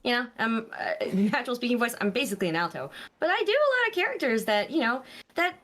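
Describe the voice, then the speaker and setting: A young woman guest in a casual conversation about voice acting, expressive, demonstrating voices by jumping her pitch high and low. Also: quick pace. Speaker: guest, voice actress.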